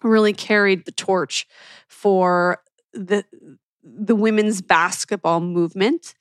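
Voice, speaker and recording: A woman's voice: mid-range voice, fairly even intonation, takes it slowly, clean tone, no room sound, studio quality. A woman podcast host from Philadelphia chatting in a gushing, enthusiastic way as she recommends shows to her listeners. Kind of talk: casual chat recommending shows.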